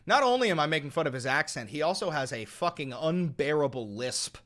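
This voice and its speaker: A man's voice: fairly high pitch, animated, a little fast, a bit bright. A man hosting a live political stream, ranting in a heated, profane and mocking way.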